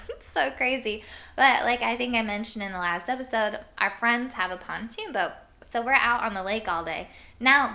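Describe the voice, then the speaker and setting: A woman's voice: medium pitch, sharp tone. A woman from Iowa hosting a podcast, telling stories in a casual, rambling way, full of "like" and frequent laughs. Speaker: podcast host. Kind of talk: casual storytelling chat.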